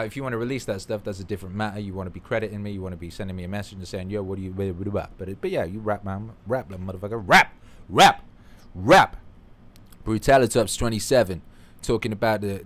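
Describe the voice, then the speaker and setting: A man's voice: fairly low pitch, racing. A man hosting a livestream, reading out viewer comments in a rambling, playful, profane chat. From United Kingdom. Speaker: livestream host.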